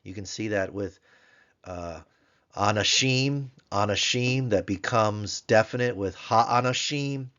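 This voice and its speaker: Male teacher, low voice, measured pace; drills pronunciation by repeating words in a screen-recorded tutorial. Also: fairly bright tone, lo-fi sound. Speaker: Hebrew grammar teacher.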